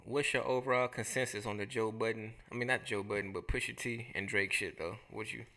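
Bright-voiced sarcastic young man. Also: on the low side, fairly even intonation, fairly quick. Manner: sarcastic, teasing banter. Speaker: podcast host. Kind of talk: casual chat.

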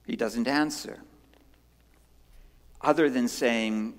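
A pastor preaching a sermon in an earnest way, moving between strong emphasis and hushed lines and asking rhetorical questions. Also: male voice, mid-range voice, animated, unhurried. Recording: long hall reverb.

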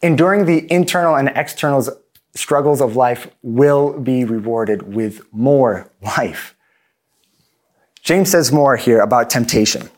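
A man's voice: mid-range voice, measured pace. Earnest man preaching a sermon. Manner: earnest, plain-spoken, self-deprecating asides.

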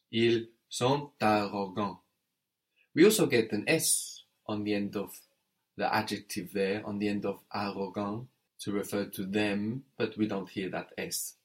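A man teaching French in an audio lesson, patient and methodical, prompting the learner and spelling words letter by letter. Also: on the low side.

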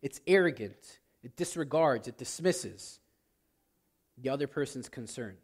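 A man's voice: mid-range voice, measured pace. A man, a priest, preaching a sermon and acting out arguments between spouses. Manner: animated, acts out quarrels in quoted voices.

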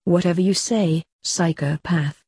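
A woman's voice: on the low side, measured pace, darkish tone, slightly rough, no echo. A woman voicing the male king of the grim reapers, dry and dismissive.

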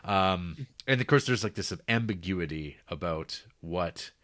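A man's voice: low voice, expressive, measured pace, fairly bright tone. A man co-hosting a casual podcast, recapping TV episode plots in a rambling way and laughing often. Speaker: podcast co-host.

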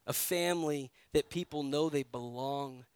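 A man's voice: mid-range voice, normal speed, clean tone, dry recording. A man from New York, a pastor giving a sermon in a conversational storytelling way, often asking his listeners directly.

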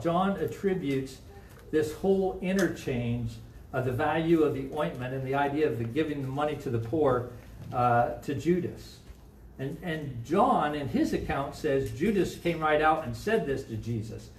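Conversational Midwestern pastor preaching in an echoey church. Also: male voice, mid-range voice, slight background noise. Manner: conversational, asks the congregation questions. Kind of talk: sermon. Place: church sanctuary. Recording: echoey room, mic from a distance.

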